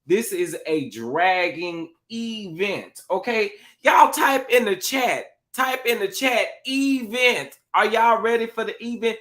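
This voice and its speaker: A man's voice: high-pitched, animated, a little slow, hardly any pauses, sharp tone. A young man, a little tipsy and sassy, hosting a casual live stream, repeating his phrases with a drawl and greeting viewers in the chat. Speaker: livestream host.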